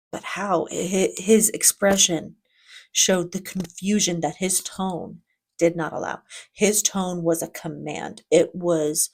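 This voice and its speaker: Chatty woman hosting a reaction video. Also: fairly low pitch. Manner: chatty and enthusiastic, with frequent restarts. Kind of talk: casual reaction commentary.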